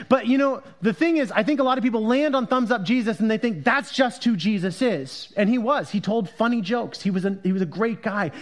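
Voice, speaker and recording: A male pastor with a high voice preaches a sermon. He talks like a conversation, then grows loud and emphatic, then drops to a hushed hush over the scripture reading.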